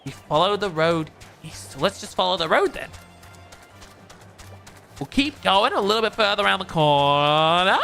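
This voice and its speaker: A man's voice: high-pitched, animated, unhurried, creaky, long pauses, bright, forceful tone, faint music behind. A man streaming a game, chatting playfully with viewers as he plays. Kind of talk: casual game stream chat.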